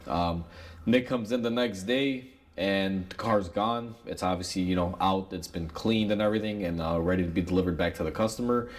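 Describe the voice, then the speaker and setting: A man's voice: low-pitched, normal speed. Laid-back man telling shop stories. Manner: rambling, filler-heavy, addresses viewers as "guys". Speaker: auto mechanic sharing shop stories. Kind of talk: casual storytelling to camera.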